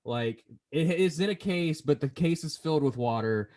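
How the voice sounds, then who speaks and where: A man hosting a casual podcast chat, his voice sitting a bit high and swinging widely in pitch. He tells stories playfully, with plenty of animation and teasing. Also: lively intonation, moderate pace, darkish tone. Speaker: podcast host.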